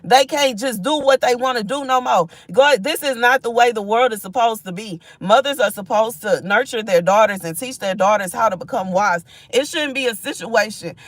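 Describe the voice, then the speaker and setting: A woman's voice: fairly high pitch, normal speed, few pauses, dry recording. Woman on a live stream giving spiritual messages, emphatic and repeating herself, close dry mic. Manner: emphatic, repetitive, with frequent "you know what I'm saying"; reads and thanks viewers from chat. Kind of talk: impassioned spiritual livestream talk.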